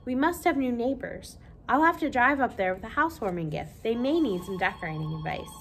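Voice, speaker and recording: A fussy, snobbish mother from a storybook, all prim scolding, as a woman reads her aloud. She lifts her voice high and clips her words with disapproval. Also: sing-song, fairly quick, a bit bright, slight background noise.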